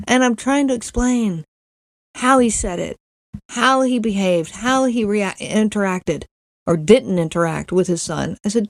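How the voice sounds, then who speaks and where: A woman's voice: on the high side, unhurried, dry recording, studio quality. A middle-aged woman hosting a podcast, telling a personal story in an earnest way, often repeating words and acting out what others said. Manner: earnest, repeats words, acts out quoted lines. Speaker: podcast host.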